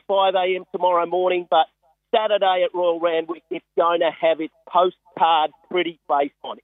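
An Australian weatherman telling his racehorse story with animated excitement on a radio phone-in. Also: high-pitched, no echo. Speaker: weatherman and racehorse part-owner. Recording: tinny phone line.

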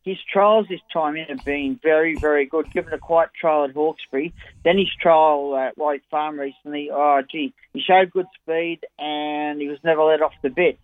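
An Australian man with a fairly high voice runs through his racing picks in a chatty, keen way. His voice comes down a thin, tinny phone line. The sound is dry and close. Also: steady tone, moderate pace, dry recording. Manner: chatty, enthusiastic form analysis. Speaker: racing tipster. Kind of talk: radio racing tips.

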